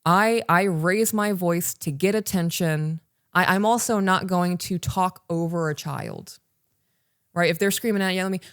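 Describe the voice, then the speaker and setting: This is casual parenting podcast talk from a woman in her thirties, one of the co-hosts, speaking straight to the listener with real emphasis during a live recording for online patrons. Her voice sits on the low side at a normal speed, captured dry in studio quality.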